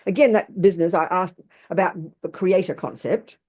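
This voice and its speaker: A woman's voice: fairly low pitch, normal speed, a little mellow. A woman giving a Buddhist teaching to an audience, blunt, emphatic and colloquial. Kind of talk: Dharma talk to an audience.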